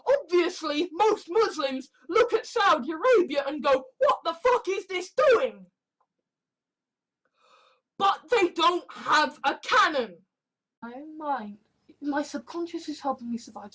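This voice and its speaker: A woman's voice: sits high, unhurried, a little hiss or hum. A woman talking casually and profanely, acting out other people's reactions as she rants. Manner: profane, animated, acts out quoted reactions. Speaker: host. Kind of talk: casual ranting commentary.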